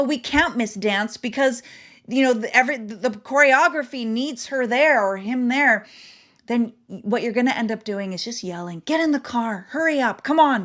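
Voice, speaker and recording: Earnest woman parenting coach. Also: fairly high pitch. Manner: earnest, emphatic, conversational. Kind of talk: casual direct-to-camera talk.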